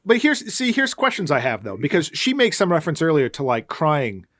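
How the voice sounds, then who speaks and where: A man's voice: fairly high pitch, huge pitch swings, brisk, a bit bright, dry recording, studio quality. A man co-hosting a podcast, recapping a movie in casual chat with a sarcastic, ranting manner. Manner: sarcastic, ranting, puts on silly voices. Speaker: podcast co-host.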